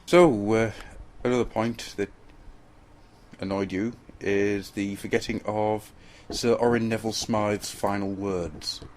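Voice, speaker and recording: A man's voice: lowish voice, fairly even intonation, unhurried, slight background noise. A man co-hosting a podcast in casual chat, rambling and joking with plenty of fillers. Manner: rambling, jokey, lots of fillers. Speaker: podcast co-host.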